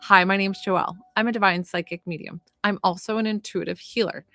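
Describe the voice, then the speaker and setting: A woman speaks briskly and in a steady, medium-pitched tone as she addresses her live stream viewers as a psychic medium and healer. Her talk is chatty, warm-hearted, and rambling, loaded with fillers.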